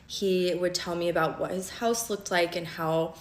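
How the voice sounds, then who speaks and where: Fast-talking young woman, echoey room. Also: lowish voice, slight background noise. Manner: animated, fast and conversational, heavy use of "like" and "okay?". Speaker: storyteller recounting a relationship. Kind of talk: casual storytime vlog.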